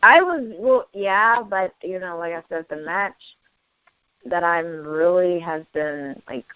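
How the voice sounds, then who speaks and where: A woman chatting casually as a podcast co-host, excitable and gushing, laughing often. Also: lowish voice, takes it slowly, clean tone, no echo. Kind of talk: casual chat. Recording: dry lo-fi recording.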